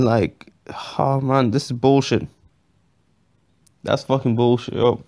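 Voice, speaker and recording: A man's voice: mid-range voice, steady tone, slow pace, gravelly, long pauses, warm tone. Rambling, blunt male boxing vlogger. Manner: rambling, many fillers and restarts; blunt, swears casually. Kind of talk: casual opinion vlog.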